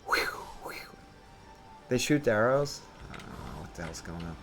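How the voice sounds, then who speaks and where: A man's voice: lowish voice, sing-song, fairly quick, soft background music. A man streaming a building game, rambling and questioning himself as he thinks aloud. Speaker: gameplay streamer. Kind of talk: casual gameplay commentary.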